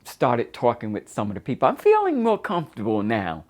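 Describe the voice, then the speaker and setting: An older woman from Florida telling her own life story in a reflective, halting way, pausing often with fillers. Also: very deep voice, huge pitch swings, darkish tone. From United States (Florida). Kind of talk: first-person documentary storytelling.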